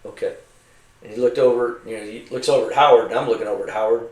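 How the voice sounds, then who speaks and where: A man's voice: medium pitch, racing. A middle-aged man, a retired army veteran, telling profane stories over drinks and acting out the voices of the men he served with. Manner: profane, animated storyteller acting out his comrades' voices. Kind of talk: casual storytelling over drinks. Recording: roomy, mic at a distance.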